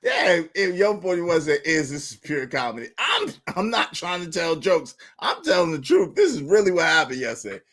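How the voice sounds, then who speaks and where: Male stream host, high voice with big swings, indignant storyteller prone to loud repeats. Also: normal speed. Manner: excitable, repeats phrases, bursts into loud outbursts; indignant, incredulous. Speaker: livestream show host. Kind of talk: animated storytelling rant.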